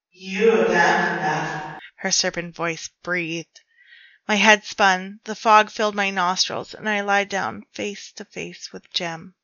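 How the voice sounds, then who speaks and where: Woman reading a hushed horror story. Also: lowish voice, dry recording, dull audio. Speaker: author and narrator.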